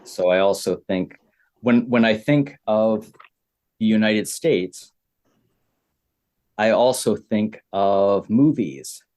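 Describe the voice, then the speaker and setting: Slow, low-voiced Canadian man teaching. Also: darkish tone. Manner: repeats simple phrases, many pauses. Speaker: English teacher. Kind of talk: slow, simple explaining for beginner learners.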